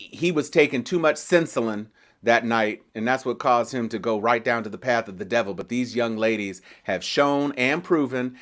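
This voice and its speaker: A male host leads a panel discussion in a mid-pitched voice. He delivers with an emphatic, preacher-like rhythm. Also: a bit bright. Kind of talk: panel talk show.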